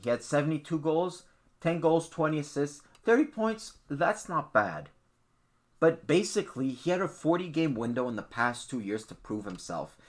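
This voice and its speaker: A man's voice: medium pitch, fairly bright tone. A man hosting a sports podcast, talking bluntly and opinionatedly in a ranting, casual way. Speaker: podcast host.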